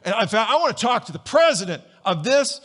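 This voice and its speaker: A man's voice: high voice, sing-song, fairly quick, fairly bright tone, voice pushed up. A man preacher voicing a petulant teenage boy who indignantly demands apologies during a sermon story. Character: whiny stranded male teenager demanding apologies.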